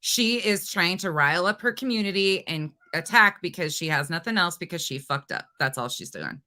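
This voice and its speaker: A woman's voice: lowish voice, expressive, moderate pace, bright, forceful tone. A woman hosting a livestream, ranting angrily and profanely at a rival and taunting her. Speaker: livestream host. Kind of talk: heated livestream rant.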